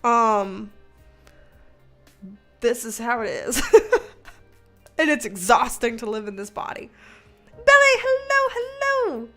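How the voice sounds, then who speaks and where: A woman's voice: a little high, steady tone, takes it slowly, pauses often, a bit bright, faint music behind. A young woman hosting a casual livestream, reading viewer comments aloud, chatty, laughing often and swearing now and then. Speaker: livestream host reading chat. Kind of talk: casual chat.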